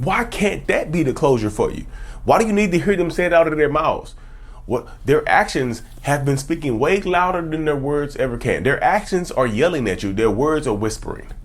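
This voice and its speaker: A man hosting a motivational self-help talk, emphatic and repetitive, calling his listeners y'all. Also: a little high. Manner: emphatic, repeats key phrases, addresses listeners as y'all. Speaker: host.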